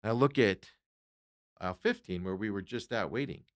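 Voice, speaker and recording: A man's voice: on the low side, brisk. A man hosting a podcast, telling an everyday story in a casual, exasperated way and acting out the lines of the people in it. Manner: animated, exasperated retelling of an everyday run-in; acts out other people's lines in quotes. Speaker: podcast host.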